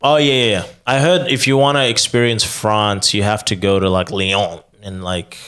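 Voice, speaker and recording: A man's voice: lowish voice, fairly even intonation, moderate pace, fairly bright tone. A young man, ranting profanely and telling stories on a comedy podcast. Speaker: podcast co-host. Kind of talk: casual comedy rant.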